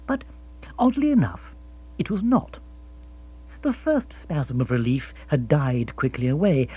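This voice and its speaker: Husky, lively audiobook narrator. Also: male voice, a little high. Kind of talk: scripted narration of comic fiction. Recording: dull lo-fi sound.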